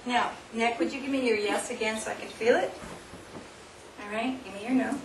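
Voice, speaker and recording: A woman seminar speaker runs a live workshop demonstration with volunteers before an audience in a hall, coaxing and instructing them and laughing often. Her voice is on the high side and a little fast, and the recording is distant, echoey, and noisy.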